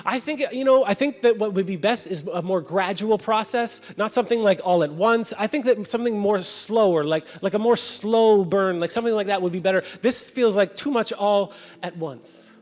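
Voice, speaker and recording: A man's voice: sits high, moderate pace, few pauses, big-room sound, voice pushed up, natural voice. A man voicing a stammering, fretful ghost of a man. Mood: pleading. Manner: nervous, stammering, backpedaling.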